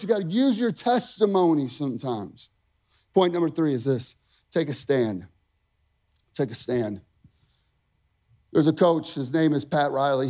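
A male pastor preaching a sermon, energetic and emphatic, repeating phrases for punch and throwing in casual asides to the congregation. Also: mid-range voice.

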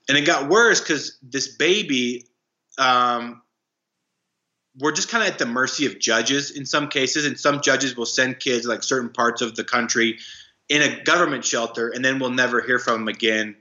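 A young man, a guest in an interview, telling a story in a halting way with many fillers and restarts. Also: medium pitch, sharp tone. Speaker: guest, anti-trafficking worker. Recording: roomy, dull lo-fi sound.

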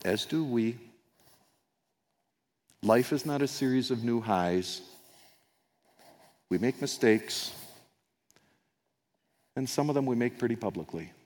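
A man's voice: medium pitch, slow pace, pauses often, darkish tone. A man preaches a sermon with a middle-range voice, retelling the story in an easy, conversational way. He acts out the quoted lines and drops into little asides. His words ring on in a long hall reverb, as in a church sanctuary. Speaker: pastor.

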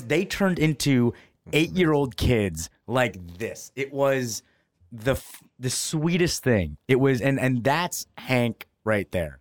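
A man co-hosting a podcast, telling a baseball story in a lively, casual way and slipping into the voices of people he quotes. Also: mid-range voice, takes it slowly, no room sound, studio quality. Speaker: podcast co-host.

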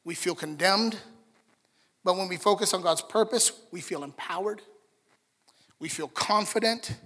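Male pastor, sermon, bright, forceful tone, conversational and earnest, reverberant hall. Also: sits high, a little slow. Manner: conversational, earnest, with restarts and asides to the congregation.

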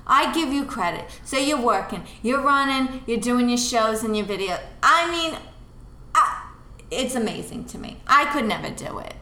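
A woman's voice: fairly high pitch, animated, normal speed, sharp tone, a little hiss or hum. A woman playing a doting, fretful mother who gasps and gets emotional about her grown son's eating, in an improvised comedy scene. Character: doting fussy middle-aged mother on a phone call. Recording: roomy echo.

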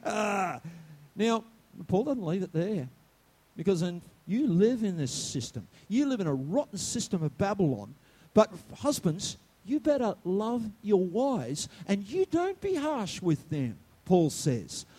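A male senior pastor giving a sermon, animated, swinging from loud outbursts to quiet asides and asking the congregation questions. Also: high-pitched, measured pace, breathy edge.

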